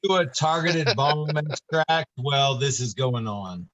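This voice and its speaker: Bright, lively tabletop player. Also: male voice, medium pitch, slow, no room sound. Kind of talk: casual game chat. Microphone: online voice call.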